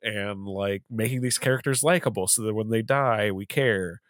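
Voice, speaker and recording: A podcast host with a lowish, slightly bright voice chats casually at a moderate pace, rambling with lots of fillers and laughing often. The recording is dry with clean studio sound.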